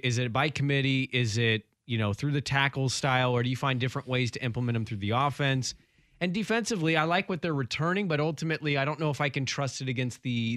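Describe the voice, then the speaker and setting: A man co-hosting sports radio, loud and confident as he breaks down the college football season. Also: mid-range voice, no room sound, clean studio sound. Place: radio studio. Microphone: studio mic.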